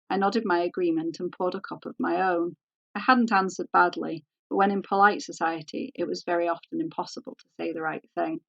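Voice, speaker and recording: A woman author reading her novel aloud in a measured, composed way. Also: fairly low pitch, steady tone, vocal fry, fairly bright tone, dry recording, lo-fi sound.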